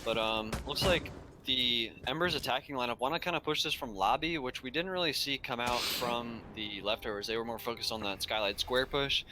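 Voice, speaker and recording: A man casting an esports match, with quick, eager play-by-play calls. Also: mid-range voice, over music, rough recording. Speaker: esports commentator. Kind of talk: play-by-play game commentary.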